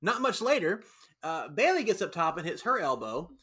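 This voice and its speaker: Bright, lively-pitched man recapping casually. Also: normal speed, husky. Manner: animated storyteller, acts out quotes. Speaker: podcast host recapping wrestling. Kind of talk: casual chat.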